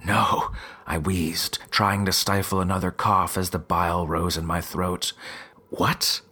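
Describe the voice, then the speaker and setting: A man narrating a first-person story in a measured, dramatic way with a husky voice. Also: sits low, level tone, pushed and bright.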